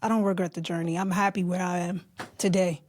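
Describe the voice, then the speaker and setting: A woman guest on a podcast, reflective, searching for her words with pauses. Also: lowish voice, fairly even intonation, a little mellow. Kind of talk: casual conversation.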